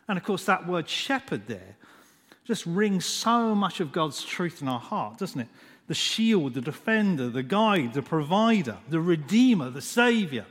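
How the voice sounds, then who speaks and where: Man, sermon, slightly high voice, long echoing hall reverb, slow and lingering. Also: sing-song, a bit bright. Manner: unhurried, repeats "just" often, dwells on single words. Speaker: preacher.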